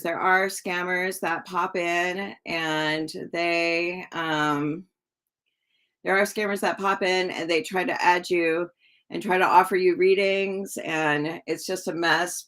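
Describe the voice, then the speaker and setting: Chatty woman tarot reader on a live stream, low-pitched with a gravelly edge, talking to viewers. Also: fairly bright tone. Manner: chatty, reads out viewer comments and answers them; slow and drawn-out with many ums.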